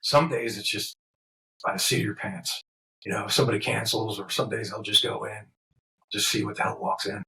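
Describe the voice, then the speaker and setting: Gravelly man telling raunchy stories. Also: fairly low pitch, fairly quick, a little hiss or hum, poor audio. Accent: New York. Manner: profane, laughing, animated storyteller. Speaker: tattoo artist, podcast guest. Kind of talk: casual storytelling.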